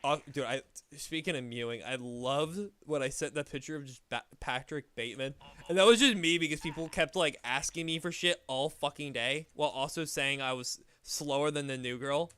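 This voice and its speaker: Bright, crisp-voiced young man rambling. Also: a little high, moderate pace. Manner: rambling, profane, animated storytelling. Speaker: streamer. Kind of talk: casual gaming chat.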